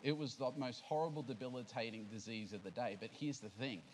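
Aussie pastor giving a sermon, chatty, asks the crowd questions, bit of hiss behind. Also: male voice, medium pitch, a little fast, poor audio. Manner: conversational preaching with questions to the congregation. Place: church service.

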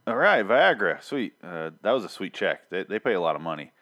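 A man hosts a podcast in a low, easygoing voice. He rambles and corrects himself often. His tone stays self-deprecating. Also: big pitch swings, fairly quick, fairly bright tone, muffled recording. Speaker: podcast host. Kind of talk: casual podcast chat.

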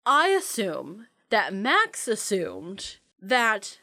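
A woman's voice: mid-range voice, wildly swooping pitch, extremely slow, pushed and bright, no room sound, studio quality. A woman co-hosting a podcast, chatting casually and playfully about a movie with an analytical bent. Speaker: podcast co-host.

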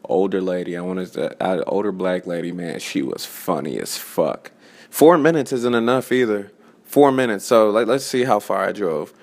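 A man's voice: deep voice, normal speed, a little mellow. A man in his twenties, an open-mic comedian, ranting casually in a profane, rambling way and restarting his sentences often. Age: 20s. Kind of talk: casual rant.

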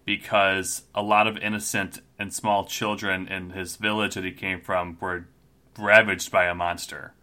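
A man's voice: sits low, flat delivery, measured pace, sharp tone. A man in casual podcast chat who plans a tabletop character eagerly and laughs readily. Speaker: podcast co-host building a character. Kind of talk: casual chat about tabletop game planning.

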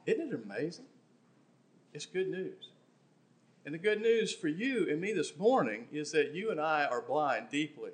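A man's voice: a little high, animated, normal speed, long pauses. Impassioned male preacher delivering a sermon. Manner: impassioned, rising to emphatic bursts and dropping to quiet asides.

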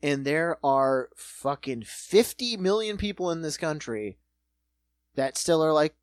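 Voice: medium pitch, animated, unhurried, no room sound. A podcast co-host ranting in casual, profane, exasperated chat.

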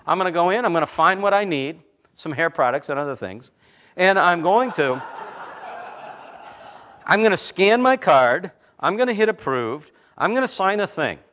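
A man in his fifties, a Christian talk host, telling stories and preaching in a blunt, emphatic, animated way. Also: high-pitched, moderate pace, a little hiss or hum. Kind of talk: conversational preaching with storytelling.

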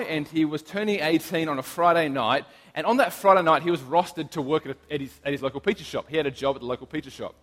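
Young male preacher, conversational storyteller, slightly high voice, echoing hall. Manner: chatty and animated, frequent fillers and restarts. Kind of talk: casual sermon with storytelling. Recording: long hall reverb.

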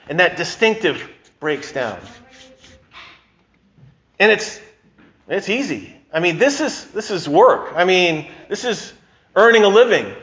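A man's voice: sits high, fairly bright tone, lo-fi sound. A male pastor giving a sermon in a conversational, emphatic way, often restarting his sentences.

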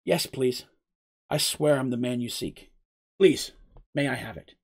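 Narrator doing Seraph, a hushed pleading young man. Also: medium pitch, sing-song, moderate pace. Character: anguished young man, polite and desperate.

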